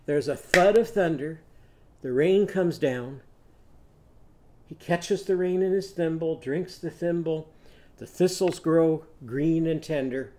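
A slow-paced man with a slightly higher voice than most men, leading a children's phonics lesson. He speaks in an animated, coaxing way and sings short lines for young learners to echo back. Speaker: teacher.

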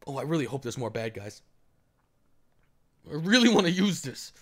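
A man talks over his gameplay in a high, animated voice that leaps up and down. He reacts loudly and curses freely as he commentates. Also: normal speed. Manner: excitable, loud outbursts and cursing. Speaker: gaming commentator. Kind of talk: casual let's-play commentary.

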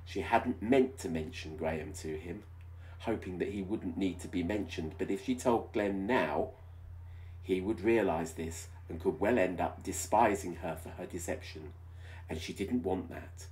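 A video host reads a romance story aloud in a mock-dramatic style, stopping for wry, teasing, sarcastic asides. His voice is low, unhurried, and a little mellow.

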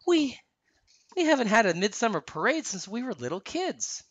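A woman voicing a cheerful, eager young princess in a read-aloud storybook, bubbly and excited. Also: deep voice, moderate pace, no room sound, lo-fi sound.

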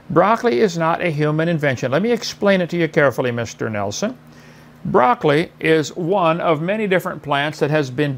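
A man's voice: on the high side, gravelly. A middle-aged man debating in a mocking, lecturing way, repeating his points.

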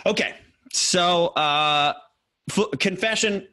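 A man's voice: sits high, slow pace, pushed and bright. A man co-hosting a podcast, chatting casually and enthusiastically about his coaching work. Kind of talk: casual chat.

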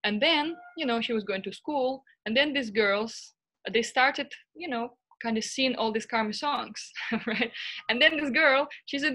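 A woman's voice: fairly high pitch, unhurried, bright, forceful tone. A woman giving an online lecture, telling a story animatedly and tagging nearly every phrase with "right?" and "you know". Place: online stream.

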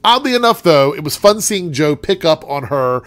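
A man's voice: on the high side, sing-song, moderate pace, a bit bright, no room sound, faint music behind. A young man with a congested, nasal voice giving a chatty, rambling TV review full of fillers. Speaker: TV show reviewer. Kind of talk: casual rant and review.

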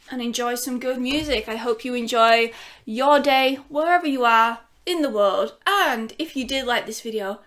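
A woman chatting excitedly at home as she unboxes a record for her vlog, gushing and talking to her dog. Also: high voice. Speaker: vinyl collecting YouTuber.

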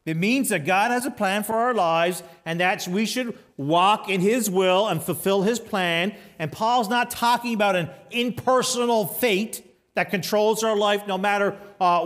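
Male pastor, high-pitched, preaching emphatically in a church. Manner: emphatic, swings between raised exhortation and quiet storytelling. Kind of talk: sermon. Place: church sanctuary.

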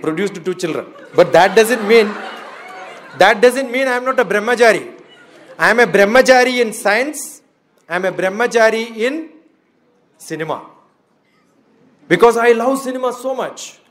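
An older man with an Indian English accent, lecturing students at an orientation, quizzing them and chanting Sanskrit verses with a laugh. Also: high voice. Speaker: guest speaker at a student orientation. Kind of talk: lively motivational lecture to students.

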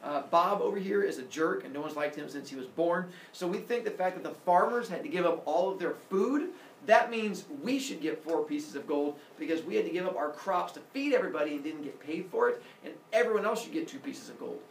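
A man's voice: sits high, expressive, brisk, slight background noise. A man voicing a complaining, rambling middle-aged male farmer speaking for his group. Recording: echoey room, distant mic.

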